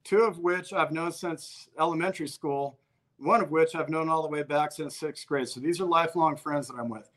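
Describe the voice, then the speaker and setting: A man with a slightly high voice tells a story in a relaxed conversation. He is blunt and swears freely. He often breaks into the voices of the people in the story. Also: normal speed. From Albuquerque, New Mexico. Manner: profane, blunt, acts out quoted exchanges.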